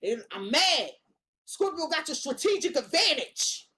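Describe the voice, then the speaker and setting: High-voiced woman, tarot reader, casual monologue, slangy and emphatic with lots of cursing. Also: sing-song, a little slow, bright, forceful tone, a little hiss or hum. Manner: blunt, profane, slangy and emphatic.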